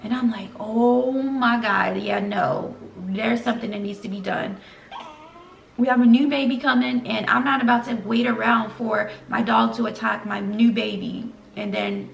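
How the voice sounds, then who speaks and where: A woman's voice: on the high side, creaky, echoey room, far from the mic, a little hiss or hum, rough recording. A young woman telling an emotional story to her viewers in a casual vlog, earnest and direct. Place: home room.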